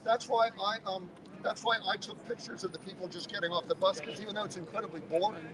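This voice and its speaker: A man with a high voice asks questions and gives short, sympathetic replies. He sounds distant from the mic, with crowd chatter clearly heard around him. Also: fast talker. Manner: sympathetic, brief reactions. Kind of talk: reactive outdoor chat. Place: outdoors at a crowded protest. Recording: distant voice over crowd noise.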